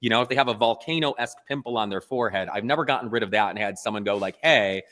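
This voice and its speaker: Earnest low-voiced man in a reverberant room. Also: racing. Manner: earnest, animated storytelling. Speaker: photographer interview guest. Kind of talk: casual interview talk.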